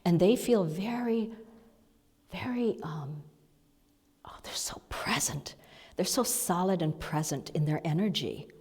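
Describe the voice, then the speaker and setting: A woman minister giving a conversational sermon lesson, seated before the congregation, with soft, halting storytelling and breathy asides. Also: lowish voice, slight background noise. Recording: long reverb of a large hall.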